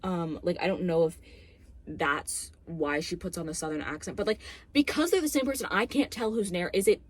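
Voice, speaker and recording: A young woman ranting casually about a movie, sarcastic and expressive, swearing often. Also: fairly low pitch, moderate pace. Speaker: movie reviewer.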